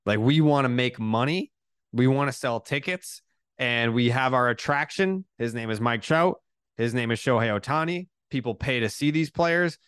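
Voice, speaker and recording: A man's voice: medium pitch, normal speed, a bit bright, smooth, no echo, clean studio sound. A man who is a guest on a casual podcast, talking bluntly and with strong opinions, swearing along the way. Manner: blunt, opinionated, swears, brash online jokester.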